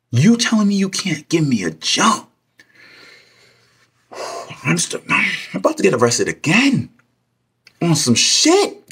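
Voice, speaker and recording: A truck driver telling a story in a casual vlog, ranting with heated, profane language. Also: male voice, on the high side, a bit bright, slightly rough.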